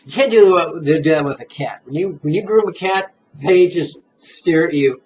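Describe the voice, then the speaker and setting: A man teaching meditation in a relaxed, playful dharma talk, chuckling at his own jokes and guiding listeners step by step through the breath. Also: on the high side, slight background noise. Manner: guides listeners slowly through breathing steps. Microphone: camera mic, self-filmed. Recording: dull, muffled camera audio.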